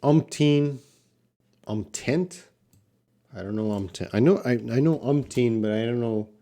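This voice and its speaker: A man teaching English pronunciation on a live stream, repeating each word slowly and answering viewers' questions from the chat. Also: medium pitch, gravelly, warm tone. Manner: slow, repeats words for learners, answers chat.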